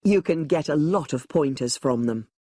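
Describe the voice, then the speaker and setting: A woman reading a scripted listening-test monologue as a museum staff member briefing new volunteers, clear and explanatory as she gives directions. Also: deep voice, lively intonation, normal speed, warm tone, no room sound. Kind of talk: scripted exam listening recording.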